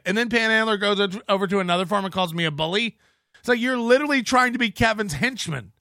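A man's voice: high voice, quick pace, sharp tone, clean tone, dry recording, clean studio sound. A middle-aged man hosting an online show, ranting in sarcastic, profane commentary and muttering while he scrolls through posts.

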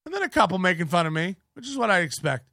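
Gravelly, bright-voiced man ranting sarcastically. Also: high voice, sing-song, very fast, dry recording, clean studio sound. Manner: mocking, profane, sarcastic; scrolls and mutters while reading posts on screen. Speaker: online show host. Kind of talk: ranting commentary.

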